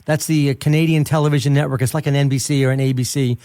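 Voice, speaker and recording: A man's voice: medium pitch, fairly even intonation, racing, mellow, no room sound. An older man hosting a radio interview, telling chatty stories and acting out quotes. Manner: chatty storyteller, acts out quotes. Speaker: radio show host. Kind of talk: casual interview chat.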